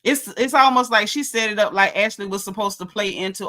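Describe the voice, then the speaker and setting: A woman's voice: mid-range voice, fairly quick, pushed and bright. A woman giving a sassy, slangy recap of a reality show episode, gossiping and calling out the cast.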